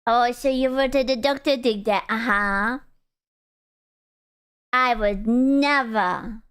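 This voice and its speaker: High, smooth-voiced young woman streamer. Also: takes it slowly, fairly bright tone. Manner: playful, crude and giggly. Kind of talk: casual livestream chat.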